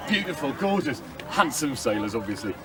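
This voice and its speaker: A man's voice: mid-range voice, very animated, fairly quick. Playful man telling a story outdoors. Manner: playful, theatrical, with comic asides. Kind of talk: live storytelling to an audience. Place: outdoor event. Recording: distant mic outdoors with crowd noise.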